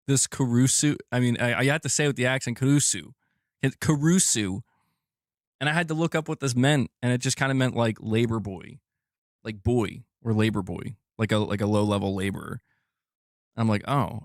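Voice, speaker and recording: A man's voice: mid-range voice, dry recording. Male streamer, rambling casual chat, self-correcting, dry close sound. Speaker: streamer host.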